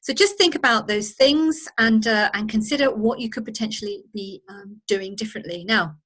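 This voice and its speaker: A woman's voice: mid-range voice, normal speed, a bit bright. A woman presenting a spoken lesson in a conversational way, briefly acting out the reactions she describes. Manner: conversational, acts out quoted reactions. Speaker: presenter of a training course. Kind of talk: spoken lesson on emotional intelligence.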